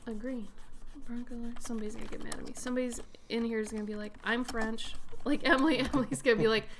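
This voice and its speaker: A woman's voice: fairly high pitch, fairly even intonation, very fast, noisy background. Playful, giggly young woman streamer. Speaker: artist streamer. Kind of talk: casual chat while drawing.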